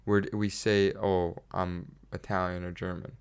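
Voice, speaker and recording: A man's voice: sits low, little pitch movement, normal speed, clear, resonant tone. An American man co-hosting a podcast, chatting casually in a rambling way with restarts and laughs. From United States. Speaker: podcast co-host. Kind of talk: casual chat.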